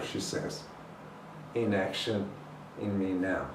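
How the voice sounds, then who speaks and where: A man leading a guided meditation as a healing teacher, intoning slowly and deliberately with long pauses. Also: on the low side, a little mellow. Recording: roomy echo, voice far from the mic, faint noise.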